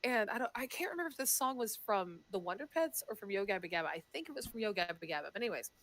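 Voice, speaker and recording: A woman's voice: mid-range voice, expressive, rapid-fire, a bit bright, a little hiss or hum. A woman in her thirties, a streamer and mother, chatting casually with friends and telling stories full of swearing and laughter. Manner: profane, laughing storyteller.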